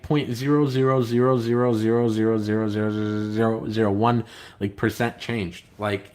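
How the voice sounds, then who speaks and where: A man hosting a casual live stream, reading viewer comments aloud and talking in a rambling, hesitant way with lots of filler words and an aggrieved, complaining tone. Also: medium pitch. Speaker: comic book writer and live stream host.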